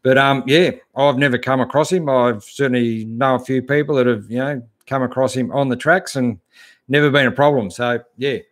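A middle-aged Australian man hosting a casual live stream, reading out viewers' comments and answering them in a relaxed, chatty way that keeps coming back to "mate". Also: medium pitch, normal speed. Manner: laid-back, chatty, calls everyone mate. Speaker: host answering live chat.

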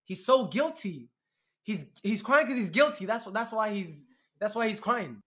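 A man's voice: high voice, animated, normal speed, a bit bright. A man co-hosting a podcast, talking in a heated, mocking way and telling stories with lots of animation. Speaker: podcast co-host. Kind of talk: casual podcast chat.

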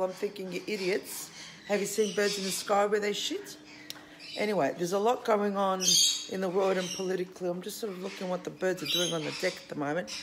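Woman filming herself on a phone, plain outspoken chat, squawking birds and noise behind. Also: medium pitch. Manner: chatty, blunt, scolding, coos at her birds. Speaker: vlogger. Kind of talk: casual talk to camera. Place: home with a bird deck, indoors. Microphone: handheld phone camera. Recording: noisy home with squawking birds.

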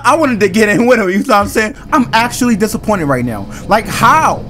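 A man's voice: high-pitched, very animated, brisk, few pauses, fairly bright tone, slight background noise. A man doing let's-play commentary on a horror game, chatting in slang and screaming at jump scares. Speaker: gaming channel host. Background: game music.

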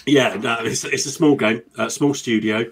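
A man's voice: medium pitch, steady tone, normal speed, breathy edge. A man co-hosting a gaming podcast, wry and joking. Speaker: podcast co-host. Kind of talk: casual chat.

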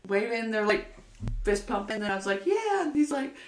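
In an echoey room with faint background noise, a female podcast host tells stories in a relaxed chat, cursing freely and laughing a lot. She speaks a little fast in a mid-range voice.

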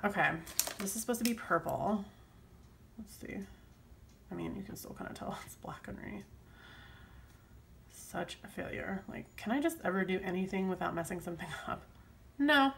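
A woman's voice: medium pitch, moderate pace, creaky, long pauses, a little hiss or hum. Chatty woman rambling while she plans. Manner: rambling, self-deprecating, lots of fillers. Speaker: planner vlogger. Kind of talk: casual chat while planning.

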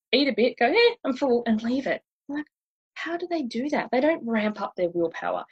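Woman, weight loss coach giving a slide talk; breathy, chatty, relatable. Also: on the high side, poor audio. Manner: chatty and relatable, acts out inner voices.

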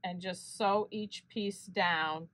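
A woman walks through a quilting tutorial at a slow, patient pace. Her voice sits at an ordinary middle pitch, and she fixes small slips as she goes. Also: no echo. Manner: steady step-by-step explaining with small self-corrections. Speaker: quilting channel host. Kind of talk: unscripted sewing tutorial.

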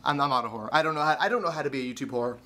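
A man's voice: mid-range voice, rapid-fire, pushed and bright. A man vlogging casually, telling a rambling story full of stammered restarts and self-deprecating asides.

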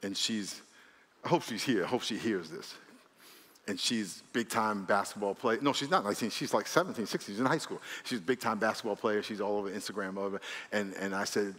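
A man preaching a sermon as pastor, animated, with lots of repetition and acted-out dialogue in a church. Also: lowish voice, a little fast. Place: large church hall. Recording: long hall reverb.

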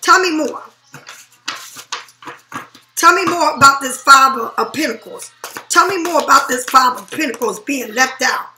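A woman's voice: high voice, expressive, measured pace, pauses often, pushed and bright, echoey room, a little hiss or hum. A woman reading tarot cards in a blunt, profane, emphatic way. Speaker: tarot reader.

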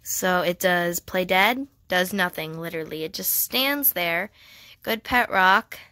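A young woman giving casual, excited commentary while playing a game, chatting and reading the game's dialogue aloud. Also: lowish voice, measured pace, no room sound, studio quality. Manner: excited and chatty, laughs often. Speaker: gamer.

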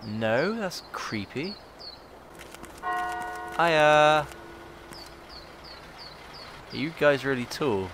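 A man's voice: mid-range voice, big pitch swings, unhurried, few pauses, background noise. Playful man commentating a game. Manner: playful, chatty, reads characters in accents. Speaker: gamer playing and reading dialogue aloud. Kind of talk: casual game commentary with put-on voices.

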